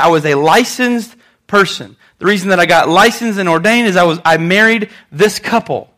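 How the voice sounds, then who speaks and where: Young male pastor, sermon, high voice, bright tone, conversational storytelling. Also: normal speed. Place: church.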